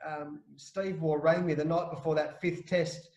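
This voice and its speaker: A middle-aged Australian man, a former cricketer, telling animated stories with restarts in a casual interview. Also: fairly high pitch, moderate pace, reverberant, rough recording. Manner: animated anecdotes with frequent restarts and laughs.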